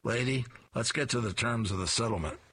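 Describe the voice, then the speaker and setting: A man's voice: mid-range voice, a little fast, fairly bright tone. A man voicing a frustrated, scheming male sheep from a comic strip. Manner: grumbling, then put-on gruff voice.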